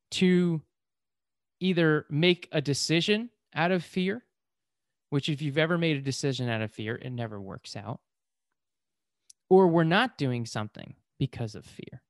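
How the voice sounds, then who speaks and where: A man telling a personal story in an animated motivational monologue, with lots of fillers, acting out his own excited screams. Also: on the high side, unhurried, pauses often, no room sound, clean studio sound.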